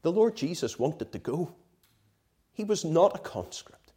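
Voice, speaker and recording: A man's voice: a little high, very animated, a little slow, dark tone. A man preaching a sermon in an impassioned, emphatic way, often asking his listeners "right?".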